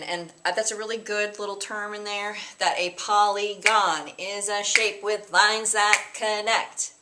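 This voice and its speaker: A woman teacher with a fairly low, slightly bright voice records a math lesson for her students. She keeps it chatty and casual, explaining with sing-song mnemonics and playful put-on voices.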